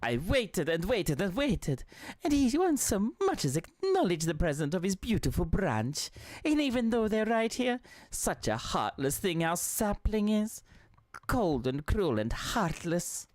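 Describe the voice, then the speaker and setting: A woman's voice: mid-range voice, sing-song, measured pace, darkish tone, dry recording, voice pushed up. A woman voicing a doting, flowery fairy queen. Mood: teasing. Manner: archaic, flowery, theatrical reading. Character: doting, teasing female fairy queen, ancient and playful. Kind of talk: reading game dialogue aloud.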